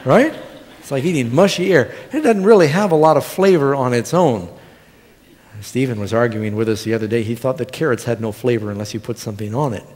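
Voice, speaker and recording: A man's voice: medium pitch, expressive, fairly quick, darkish tone, breathy edge. A middle-aged male pastor preaching a sermon, telling stories with humor and asking the congregation questions. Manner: storytelling with humor and audience questions. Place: church sanctuary. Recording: long church hall reverb.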